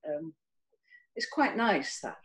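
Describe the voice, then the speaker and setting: Older woman from Cornwall, animated storytelling voice, video call interview. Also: slow pace, low-quality recording. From Cornwall, England. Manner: warm storytelling with lively pitch, many restarts. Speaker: actress guest.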